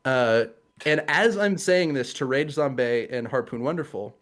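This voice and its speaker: A man's voice: medium pitch, moderate pace, a bit bright. A man, a guest cosplayer on a livestream, telling a casual story with laughs and quoted voices over a video call.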